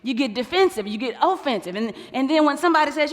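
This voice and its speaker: A woman's voice: high voice, animated, quick pace, hardly any pauses. A woman preaching a sermon, playful and acting out quoted couples. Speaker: pastor's wife preaching. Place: large church hall. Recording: long church hall reverb.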